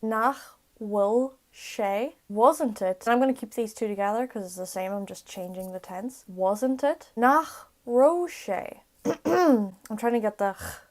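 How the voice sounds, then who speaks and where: A young woman, teaching everyday words in a casual vlog-style lesson, repeating each one slowly and carefully. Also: medium pitch, a little mellow. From Ireland. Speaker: language tutor.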